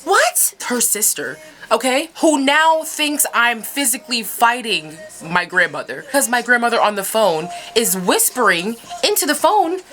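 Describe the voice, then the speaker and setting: A young woman tells a story for her vlog, with a bright, sharp voice that swings all over in pitch. She talks in a casual, profane way and jumps into sudden high yelps. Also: expressive, moderate pace, faint music behind. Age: young adult. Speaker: vlogger.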